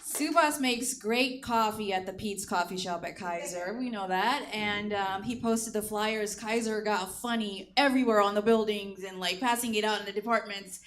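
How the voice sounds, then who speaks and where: This echoey live recording from a comedy stage captures a woman hosting and doing stand-up at normal speed with hardly any pauses. Her mid-range voice has a fairly bright tone, and she's chatty, laughs at her own jokes, and leans on filler words, with a little hiss or hum underneath.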